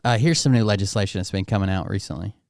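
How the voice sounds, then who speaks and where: A man's voice: fairly low pitch, quick pace, vocal fry, no echo, clean studio sound. A man hosting a reaction show, talking in a blunt, profane, exasperated way. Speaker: channel host reacting to clips. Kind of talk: casual reaction commentary.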